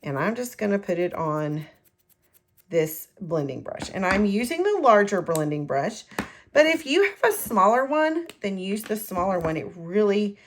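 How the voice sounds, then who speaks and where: A woman's voice: mid-range voice, very animated, normal speed, slight background noise. A middle-aged woman giving a casual, rambling craft tutorial from her home craft room, correcting herself as she goes. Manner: chatty, rambling, self-correcting. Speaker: card-making demonstrator.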